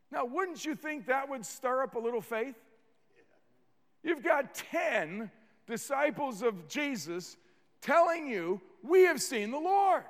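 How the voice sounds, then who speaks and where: High-voiced pastor preaching in a reverberant hall. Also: male voice. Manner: earnest, repeats words, leads congregation in call-and-response. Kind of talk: sermon.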